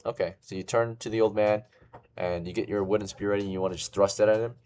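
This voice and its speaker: A man runs a tabletop game, narrating in a loose, casual way full of fillers. His voice sits on the low side, and a faint hiss runs under the home recording. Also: fairly even intonation, fast, dark tone. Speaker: game master.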